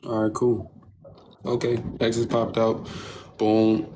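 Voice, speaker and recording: A man's voice: fairly low pitch, takes it slowly, background noise. A young man hosting a livestream on his phone, telling a story casually, with lots of swearing, and mimicking other people's lines in mocking voices. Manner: animated, profane storytelling, acting out others' lines in mocking tones. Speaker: livestream host.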